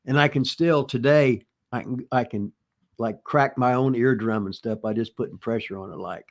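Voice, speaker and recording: An older man, a retired pro wrestler answering listener questions, tells rambling, profane wrestling stories in a casual storytelling chat, full of restarts and folksy asides. His voice is mid-range and his pace moderate.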